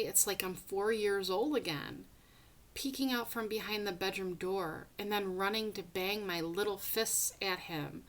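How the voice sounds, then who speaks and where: A woman reading a first-person novel aloud, with dramatic delivery that drops into hushed whispers at tense moments. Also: medium pitch. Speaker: audiobook reader.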